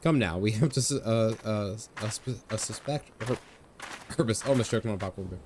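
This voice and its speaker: A man streaming a video game, chatting casually in a rambling, excitable way with lots of fillers and restarts. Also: fairly low pitch, brisk, a little hiss or hum. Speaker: gaming streamer. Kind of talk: casual livestream commentary. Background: game music.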